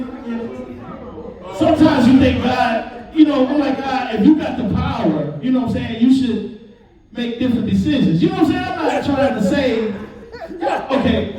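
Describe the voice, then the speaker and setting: A man doing a stand-up comedy set in a live club, animated and talking straight to the crowd. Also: high voice. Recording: roomy, far-off mic, loud crowd. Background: audience laughter.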